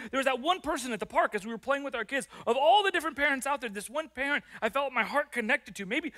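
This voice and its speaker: A male pastor preaching a sermon in church, animated and acting out prayers and complaints. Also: extremely high pitch, quick pace, hardly any pauses. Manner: animated, acts out prayers and complaints in lively voices.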